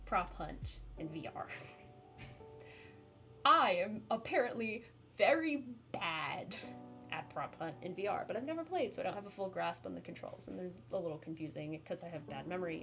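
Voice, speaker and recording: A woman streamer telling a story to her chat in a chatty, animated way, laughing often and filling with "like". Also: fairly low pitch, normal speed, gravelly, soft background music. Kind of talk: casual storytelling to a live chat.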